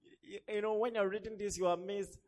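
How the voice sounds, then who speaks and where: Young guy preaching, high voice, acts out all the people in his stories. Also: brisk. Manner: animated storytelling, acts out quoted voices. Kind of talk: sermon.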